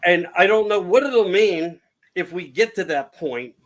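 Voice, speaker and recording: A man in his sixties talking politics in a rambling, halting way, restarting his sentences. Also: sits high, lively intonation. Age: 60s. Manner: rambling, halting with repeated starts. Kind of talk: casual political talk.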